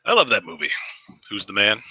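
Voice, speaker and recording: A man's voice: fairly low pitch, sing-song, bright, forceful tone, no room sound. A man with a New Jersey accent co-hosting a casual comedy chat, telling stories between laughs. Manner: laughing storyteller, quick asides. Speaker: co-host.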